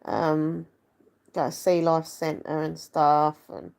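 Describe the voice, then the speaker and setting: A woman's voice: deep voice, little pitch movement, slow pace, gravelly, darkish tone. A young woman, chatting casually to camera in a rambling, self-deprecating way. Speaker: vlogger.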